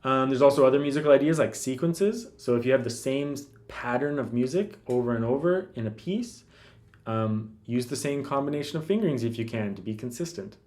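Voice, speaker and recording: Relaxed man teaching classical guitar. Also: mid-range voice, fairly quick. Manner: relaxed, thinks aloud with many fillers and restarts. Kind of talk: casual instructional talk.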